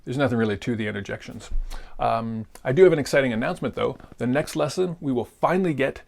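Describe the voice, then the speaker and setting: A man giving a casual video grammar lesson. He is relaxed and rambling, and jokes with crude humor. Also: mid-range voice, fast, vocal fry. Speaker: grammar teacher.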